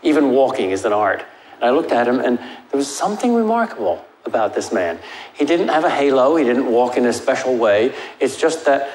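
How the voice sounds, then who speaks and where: A man's voice: big pitch swings, fairly quick, a little mellow. Older male lecturer, wry and emphatic Q&A answers, echoey hall, faint hiss. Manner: emphatic, wry, rises in pitch for stress. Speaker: lecturer answering audience questions. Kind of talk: Q&A after a lecture.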